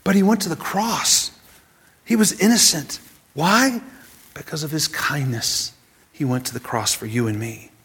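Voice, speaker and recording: A man preaching a sermon, dropping from loud emphasis to a hushed near-whisper and often repeating words as he goes. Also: fairly high pitch, unhurried, slightly rough. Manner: repeats words as he searches for phrasing.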